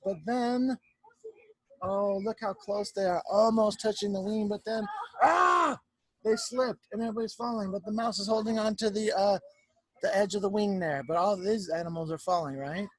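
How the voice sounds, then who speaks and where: A male teacher reading a picture book aloud to young children over a video call from home, narrating in an animated way and checking in with them. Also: high-pitched, a little fast, dry recording. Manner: warm, animated storyteller who keeps checking in with the children.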